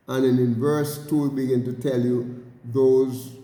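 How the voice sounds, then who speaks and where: Halting bible teacher in an echoing hall. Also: male voice, medium pitch, little pitch movement, dark tone. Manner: halting, repeats words, addresses listeners as brothers and sisters. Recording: roomy hall with long reverb.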